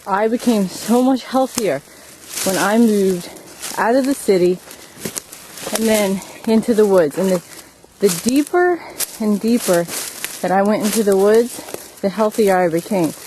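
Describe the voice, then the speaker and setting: A woman talks slowly and loosely as she walks through rural woods, thinking out loud with plenty of fillers. Her pitch sits in a middling range. A faint outdoor hush runs behind her voice. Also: slight background noise. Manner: rambling, slow, musing aloud with fillers. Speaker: vlogger. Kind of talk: casual walking vlog.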